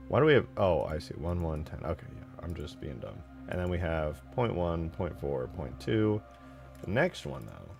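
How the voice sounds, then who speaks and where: Low-pitched young guy streaming, casual profane rambling, soft music underneath. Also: creaky. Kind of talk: casual live-stream commentary while modding.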